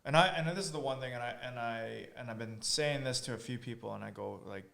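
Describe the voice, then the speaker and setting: A man's voice: medium pitch, fast talker, creaky, fairly bright tone. A man, a rugby coach as guest, explaining in casual chat, often restarting his sentences.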